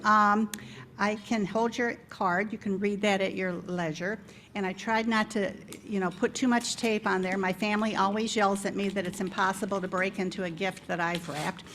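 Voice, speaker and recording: A woman's voice: medium pitch, steady tone, moderate pace, slight background noise. A woman, the incoming club president, emceeing an installation ceremony in a chatty, informal way and laughing often.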